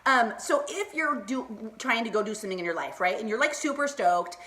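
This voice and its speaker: Bubbly middle-aged lady rambling on a live stream, bright voice, laughs a lot. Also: a little high, expressive, fairly quick. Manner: bubbly, rambling, laughs often, talks to viewers by name. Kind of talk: casual Facebook Live chat.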